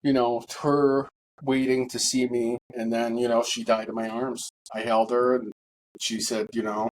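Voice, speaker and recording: A man telling his own story in a halting monologue, full of pauses and fillers, grieving and bitter. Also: medium pitch, little pitch movement, a little hiss or hum, low-quality recording. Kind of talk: personal testimony monologue.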